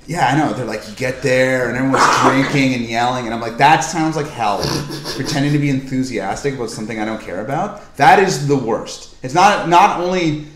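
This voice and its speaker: A man from Canada appears as a comedian guest on a casual comedy podcast, with a mid-pitched voice. He rants and stammers through his points, keeping a deadpan delivery. The room is echoey. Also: a little fast, hardly any pauses, background noise.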